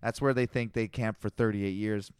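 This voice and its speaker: A man co-hosting a casual podcast, reading scripture aloud in a plain, flat way and stumbling over unfamiliar names. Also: fairly low pitch, moderate pace, smooth, no room sound, studio quality.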